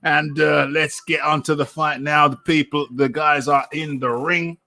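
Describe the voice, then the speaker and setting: A man's voice: a little high, flat delivery, unhurried, creaky, sharp tone. A man hosting a casual talk show, telling a story with laughs and repeating his punchlines. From England. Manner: laughing, repeats lines for effect. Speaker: host. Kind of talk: casual banter.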